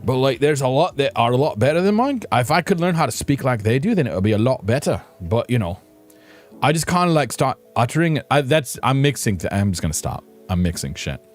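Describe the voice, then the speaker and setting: A man streams a game and chats casually with viewers, playful, rambling and self-mocking. His medium-pitched voice swings widely and moves fairly quickly, with faint music in the background.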